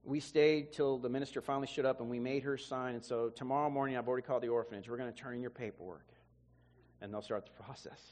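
A man's voice: mid-range voice, fairly even intonation, fast talker, darkish tone, close to an everyday voice. A man voicing an earnest male friend who speaks steadily and insistently. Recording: long hall reverb.

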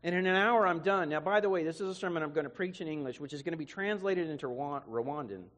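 A man's voice: on the high side, fast talker, fairly bright tone. A man preacher telling an emotional testimony in a sermon, often repeating words as he goes. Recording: long hall reverb.

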